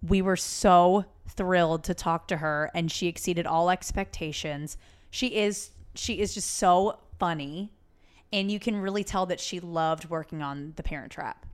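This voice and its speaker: A slightly low-pitched woman co-hosts a podcast with easy, candid chatter. She giggles often and talks with loose, offhand energy. Her voice has a relaxed, conversational ease. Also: measured pace, smooth. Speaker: podcast co-host. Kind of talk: casual chat.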